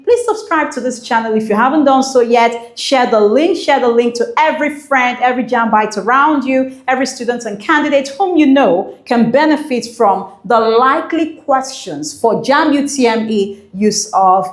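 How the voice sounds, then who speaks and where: In a roomy-sounding space, a woman with a fairly high voice teaches an English exam prep lesson. She is enthusiastic, repeats key phrases and asks the viewer questions.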